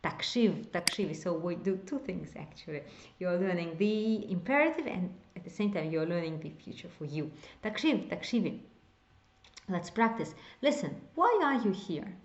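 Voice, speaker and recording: In a reverberant space with the top end cut off, a woman with a lowish, expressive voice teaches Hebrew to beginners. She explains slowly and step by step, repeats example phrases, and whispers certain words as a demonstration.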